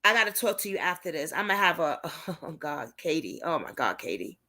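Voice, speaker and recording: Woman livestream host, chatty, animated, bouncy melody, talks right to the viewers. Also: low-pitched, a little fast. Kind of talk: casual livestream chat.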